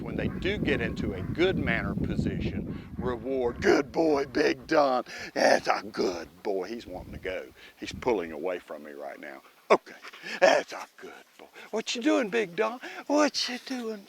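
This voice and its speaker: A dog trainer gives a casual lesson on an instructional video, speaking in a folksy way directly to his dog as he teaches. His voice is mid-range and a bit bright, with a little hiss or hum in the recording.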